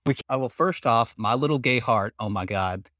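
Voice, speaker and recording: A man's voice: medium pitch, normal speed, bright, forceful tone, dry recording. A man playing a tabletop game, giggly and gushing as he talks. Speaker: player.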